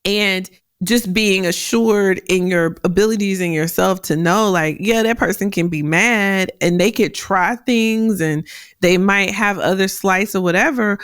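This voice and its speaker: Woman podcast host, deep carrying voice, dry close mic, straight-talking and lively. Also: a little slow, smooth, dry recording. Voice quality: deep voice that carries. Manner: direct, animated, laughs often. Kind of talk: solo career advice podcast.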